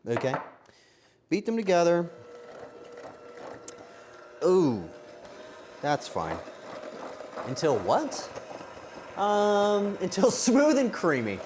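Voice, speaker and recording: A male streamer talks himself through a game, frantic and joking as he goes. His pitch swings wildly from low mutters to high yelps, with a faint hiss of noise under the voice. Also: wildly swooping pitch, extremely slow, long pauses. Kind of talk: live game stream commentary.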